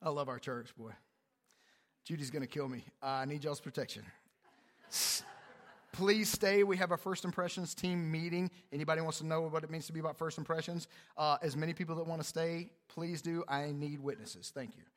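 A male pastor giving an animated, conversational sermon in a church, drawing the congregation into call-and-response. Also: fairly high pitch, brisk. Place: church sanctuary.

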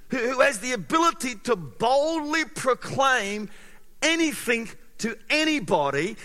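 A male pastor preaching a sermon in an animated way, with sudden loud emphasis and quiet, close passages. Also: very high voice. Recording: long hall reverb.

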